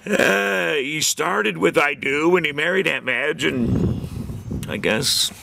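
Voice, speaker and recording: Gravelly folksy man telling jokes. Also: a little high, takes it slowly, sharp tone. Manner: folksy and chatty, many fillers, chuckles at his own jokes. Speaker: host of a community show segment. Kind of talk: rambling joke-telling monologue.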